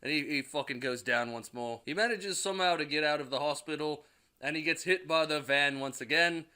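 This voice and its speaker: With a slightly high voice that's bright, forceful, clear, and resonant, a young movie reviewer talks fairly quickly. He recaps the film in a crude, casual manner, swearing constantly and occasionally acting out a character's line.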